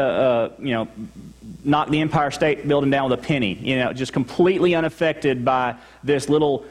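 A man with a Texan accent, a pastor preaching a sermon in a church sanctuary in a conversational way, acting out his listeners' replies. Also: fairly high pitch. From Texas. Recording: long hall reverb.

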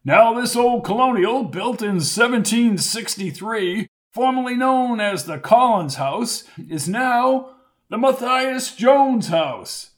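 A man's voice: very high-pitched, animated, takes it slowly, voice pushed up, full character voice. A man reading an audiobook, voicing a pompous older college trustee who speechifies and blusters. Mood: proud.

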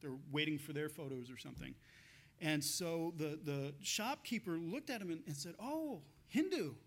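A man's voice: fairly high pitch, normal speed, fairly bright tone. A man pastor giving a conversational sermon, telling stories with frequent laughs and restarts.

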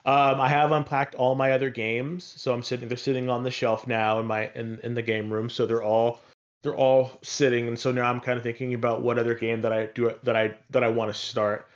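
A man's voice: mid-range voice, level tone, a little fast, dull audio. A man talking in a casual, rambling way about games he has been playing, with many fillers and restarts. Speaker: podcast co-host.

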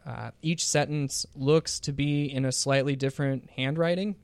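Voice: medium pitch, fairly even intonation, moderate pace, a little mellow, clean tone, no echo. A game master narrating a tabletop role-playing game, laughing easily and slipping in dry jokes.

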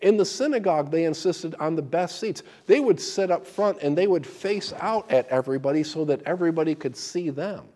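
This preacher's voice is fairly high, and he talks fairly quickly with hardly any pauses. He explains scripture in his sermon using folksy stories, animated and riddled with restarts and repeated words.

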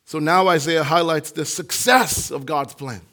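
A man preaching a sermon as pastor, impassioned, swinging from hushed, quiet lines to near-shouting. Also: a little high, measured pace.

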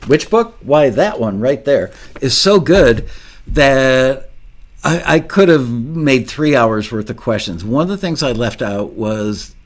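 A man's voice: mid-range voice, lively intonation, takes it slowly. A man hosting an interview podcast, chatty and enthusiastic, with frequent restarts. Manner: enthusiastic, talkative, many restarts. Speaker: podcast host. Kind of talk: casual interview chat.

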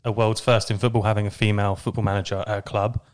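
A man hosting a casual football podcast, relaxed as he leads the discussion. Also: fairly low pitch, quick pace. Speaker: podcast host.

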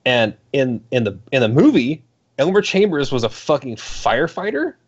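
A man's voice: mid-range voice, big pitch swings, moderate pace, slightly rough. A man in casual podcast chat, ranting animatedly and swearing, slipping into mocking voices. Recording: dull lo-fi sound.

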